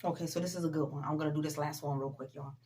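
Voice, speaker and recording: A motivational vlogger with a low, mellow voice talks in rapid-fire bursts while keeping her tone steady. She gives her viewers a casual pep talk, addressing them directly, repeating key sayings for emphasis and saying "you know" a lot in a conversational way.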